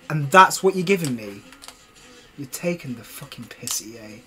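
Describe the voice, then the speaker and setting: A man's voice: medium pitch, lively intonation, moderate pace, pushed and bright, slightly rough, faint music behind. A young man live-streaming a video game, cursing and ranting at himself in casual commentary. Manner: swears a lot, exasperated ranting, talks to himself.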